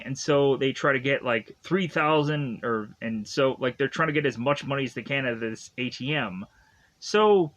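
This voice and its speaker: Guy with a kinda high voice rambling thru a movie recap, lots of "like", laughs at the plot. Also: a bit bright, muffled recording. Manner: rambling, heavy use of "like" and "is to". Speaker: movie reviewer. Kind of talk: casual spoken film recap.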